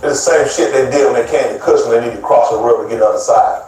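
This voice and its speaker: A man's voice: medium pitch, racing, a little mellow. A man preaching a sermon in an emphatic, repetitive way, speaking straight to his listeners. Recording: very echoey, distant mic, faint music.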